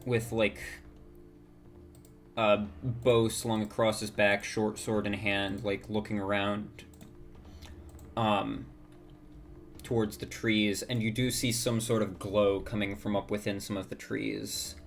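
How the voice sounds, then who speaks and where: A man narrating as dungeon master in a tabletop game, halting with many fillers. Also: on the low side, level tone.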